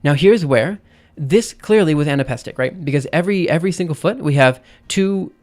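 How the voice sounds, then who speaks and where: A man's voice: on the high side, fairly quick, darkish tone. A man on a live stream explaining poetic meter in a casual way, thinking aloud with many fillers and restarts. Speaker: streamer teaching poetry meter.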